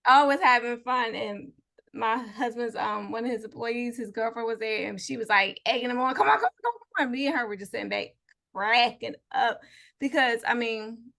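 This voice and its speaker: A woman co-hosting a casual podcast over a video call, telling stories and acting out the quotes as she goes. Her voice sits a little high and carries a gravelly fry, and she often breaks into laughter. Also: steady tone, moderate pace, sharp tone. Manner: storytelling, laughing, acts out quotes. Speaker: podcast co-host. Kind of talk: casual chat.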